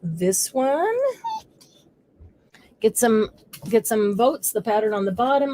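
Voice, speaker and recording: A woman's voice: fairly high pitch, slow, pauses often, mellow, slight background noise. A woman hosting a live crafting stream, chatting casually as she works. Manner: chatty, coos baby talk to her dog. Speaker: crafting show host.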